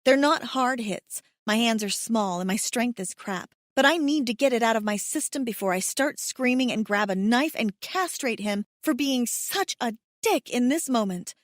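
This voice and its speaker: A woman's voice: on the high side, animated, moderate pace, few pauses, no room sound, clean studio sound. Heated, emotional woman narrator. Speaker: audiobook narrator. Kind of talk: first-person romance audiobook narration.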